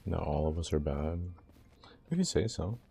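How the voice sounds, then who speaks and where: A man's voice: very deep voice, expressive, moderate pace, gravelly, mellow, slight background noise. A young man livestreaming, joking and teasing his viewers in laid-back, casual chat, often laughing.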